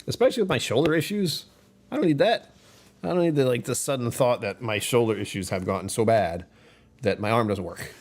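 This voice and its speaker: A man's voice: mid-range voice, expressive, a little fast. A man hosting a casual livestream, talking in a rambling, self-deprecating way and laughing often. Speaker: whiskey channel host.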